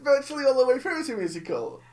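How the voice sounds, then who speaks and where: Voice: high voice, fast, a crowd in the background. A host ranting and joking about films in a casual chat. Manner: animated, ranting, jokey. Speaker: podcast host.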